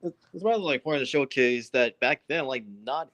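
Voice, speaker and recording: A man co-hosting a laid-back comic book chat. He has a mid-range voice and speaks haltingly, restarting his sentences as he works out his point. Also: medium pitch, a bit bright. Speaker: co-host. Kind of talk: casual chat reviewing a comic.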